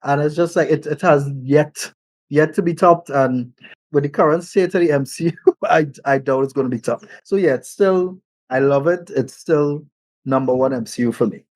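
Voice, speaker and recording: A man's voice: on the high side, moderate pace, a little mellow, dry recording, low-quality recording. A man who reviews films, speaking as a podcast guest and enthusiastically recalling his reactions to movies. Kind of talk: casual film review chat.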